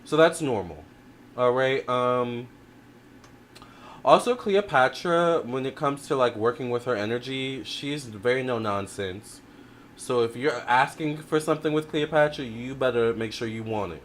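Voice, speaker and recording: A man in a mid-range voice hosting a casual tarot livestream, reading viewer comments aloud and answering them. He talks in a chatty, expressive way, with plenty of fillers and restarts, and he keeps checking in with the audience. A faint hiss sits behind his voice. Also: medium pitch, a little slow. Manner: addresses viewers directly with frequent "all right?".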